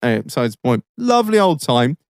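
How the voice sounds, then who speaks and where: A man's voice: mid-range voice, big pitch swings, fast talker, smooth, no echo, studio quality. A man, hosting a podcast and telling a long, rambling story full of swearing. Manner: swears constantly, rambling anecdotes with frequent laughs. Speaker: podcast host.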